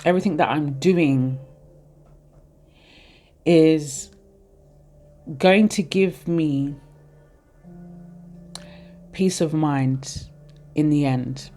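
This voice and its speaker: A reader in their thirties talks through tarot cards in a loose, heartfelt way, often drifting off topic. The voice is soft and mellow, never bright. Their pitch sits in an ordinary middle range. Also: very slow, pauses often, faint music behind. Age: 30s. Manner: rambling, heartfelt, speaks straight to viewers. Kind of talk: casual tarot reading for viewers.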